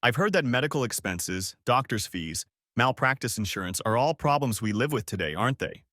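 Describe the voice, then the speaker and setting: A man's voice: medium pitch, expressive, brisk, a bit bright, no room sound, clean studio sound, close to an everyday voice. A man voicing a smug, self-assured rival who talks down to people, in a storybook reading.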